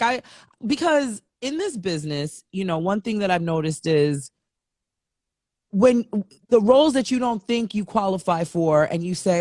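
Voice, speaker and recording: A woman's voice: on the low side, darkish tone, no echo, studio quality. A woman hosting an interview, asking long, rambling, admiring questions of her guest. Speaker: podcast host.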